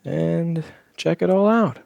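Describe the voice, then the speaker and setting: This host's voice runs on the high side, gravelly and darkish, and he takes things slowly, his throat a little sore; the recording is muffled but has no echo. He walks viewers through a live electronics repair, trading chat replies and joking asides as he works.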